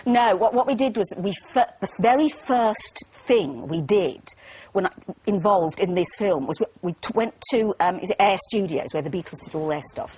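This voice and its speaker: An actress guesting on a chat show, telling stories in an animated, self-deprecating way. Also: female voice, medium pitch, moderate pace, a little hiss or hum. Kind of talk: casual chat show interview. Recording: muffled TV broadcast audio.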